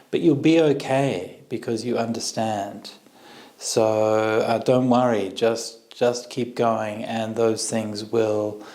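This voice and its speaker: A man teaching meditation on a video call, answering questions in a gentle, reassuring way with frequent restarts. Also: lowish voice.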